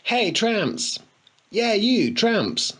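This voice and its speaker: A man's voice: big pitch swings, extremely slow, a bit bright, heavily acted. A man voicing a spoilt, bratty schoolboy who whines and shrieks indignantly. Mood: mocking. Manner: shrill, whining, indignant.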